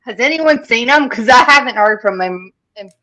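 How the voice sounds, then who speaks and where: A woman's voice: fairly high pitch, animated, moderate pace, sharp tone. A woman co-host in casual chat, joking and laughing between lines. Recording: dull lo-fi sound.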